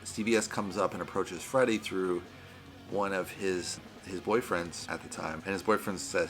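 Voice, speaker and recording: A man's voice: deep voice, steady tone, moderate pace, a bit bright, soft background music. A man giving a casual, rambling movie review on his vlog, often saying "you know" and "right".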